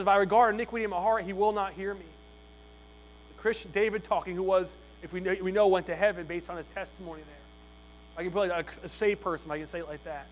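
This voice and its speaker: A man's voice: high-pitched, low-quality recording. A man preaching an evening sermon, reading Bible verses aloud and repeating his key points for emphasis. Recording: mains hum.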